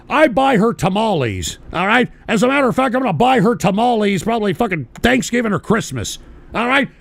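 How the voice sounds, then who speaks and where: A man hosting a radio show, ranting angrily and profanely with bursts of shouting while he smokes. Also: sits high, creaky, no echo. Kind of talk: ranting monologue.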